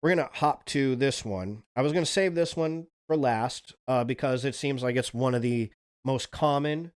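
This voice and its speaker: A man's voice: mid-range voice, moderate pace, clear, resonant tone. Chatty man telling spooky legends. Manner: relaxed, chatty, swears casually. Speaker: streamer, host. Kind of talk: casual storytelling on a livestream.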